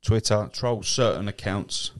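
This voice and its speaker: A man's voice: on the low side, fairly even intonation, a little slow. A man with a London accent chatting casually as a podcast co-host, sweary and rambling, often breaking into laughs. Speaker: podcast co-host, cab driver. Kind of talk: casual chat.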